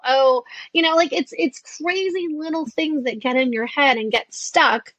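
A woman in her fifties chatting as a guest in an interview, animated and acting out the voices she quotes. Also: high-pitched, moderate pace, few pauses, no echo, lo-fi sound. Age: 50s. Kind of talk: casual interview chat.

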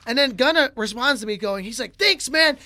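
A man chatting on a podcast, telling a story with a bright, forceful edge and a lot of "like" and "right?". He sounds close to the mic in a dry space with no room sound. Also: very high voice, fast talker, no echo. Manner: animated storyteller, many fillers like "like" and "right?". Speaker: podcast co-host.

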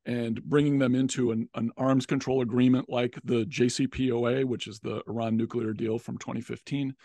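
Measured male political analyst. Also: medium pitch, darkish tone, no room sound. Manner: measured, analytical, frequent restarts. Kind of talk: policy commentary discussion.

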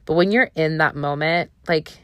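Earnest low-voiced woman podcaster. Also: moderate pace, a bit bright, no echo, highs cut off. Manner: earnest, searching, with fillers like "like" and "um". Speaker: podcast host. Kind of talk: personal reflective podcast monologue.

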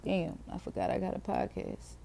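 Low, gravelly woman rambling candidly. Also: level tone, normal speed, dark tone, slight background noise. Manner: rambling, candid, swears freely, laughs often. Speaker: podcast host. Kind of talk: casual solo monologue.

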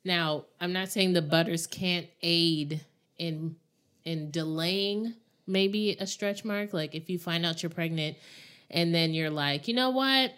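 A woman's voice: fairly low pitch, slow, fairly bright tone, clear, resonant tone. A pregnant woman co-hosting a podcast with her sister, talking casually and rambling with frequent laughs. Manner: chatty, rambling, laughs often. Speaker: podcast co-host.

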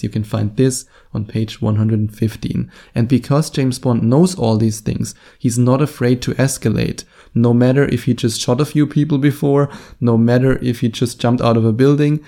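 A man who coaches on dating and talks straight to camera, speaking slowly and deliberately with long pauses for effect. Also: medium pitch, mellow. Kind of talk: advice talk to camera.

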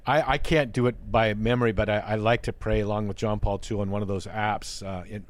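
A man's voice: fairly low pitch, fairly even intonation, brisk, no echo. A man hosting a faith talk show, speaking earnestly and often repeating words as he searches for phrasing. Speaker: host.

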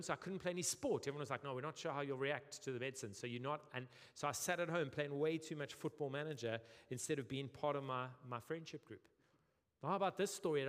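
A young South African man preaching a sermon, lively and humorous, acting out quoted voices. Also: medium pitch. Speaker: pastor. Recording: long reverb of a church hall.

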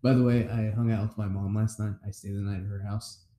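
A man's voice: lowish voice, level tone, brisk, warm tone. Teasing man in an echoey room. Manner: joking, teasing, crude. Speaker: podcast host. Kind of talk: casual chat.

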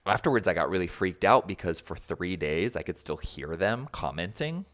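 A very low-pitched man talks as a podcast guest over a remote call. His storytelling is loose and rambling, stuffed with likes and you-knows. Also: moderate pace. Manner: rambling, animated, filler-heavy with many likes and you-knows. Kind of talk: casual conversational storytelling.

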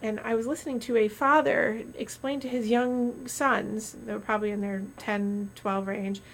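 A woman doctor chats on a podcast in a slightly high voice. She tells stories animatedly, reaching for metaphors and restarting her sentences. A faint hiss of background noise sits under the recording. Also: fairly even intonation, normal speed, fairly bright tone. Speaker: doctor co-host. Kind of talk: casual podcast chat.

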